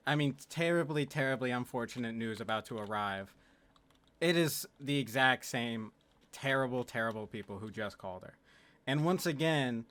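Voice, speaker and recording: A man's voice: mid-range voice, fairly bright tone. A man telling a story in a casual, rambling, self-mocking way, swearing freely, as a voice-over on gameplay. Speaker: gaming video creator.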